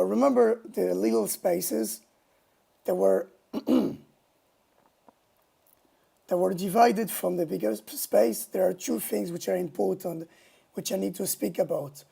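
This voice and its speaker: A man streaming a casual monologue, talking in a halting, indignant way from a home mic setup. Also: high-pitched, gravelly, dark tone, slightly rough. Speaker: livestreamer.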